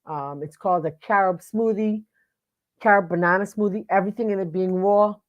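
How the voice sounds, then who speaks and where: A woman's voice: medium pitch, a little fast, muffled recording. A woman hosting a live online talk show, speaking casually with lots of fillers and restarts and greeting viewers by name. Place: home studio at a computer.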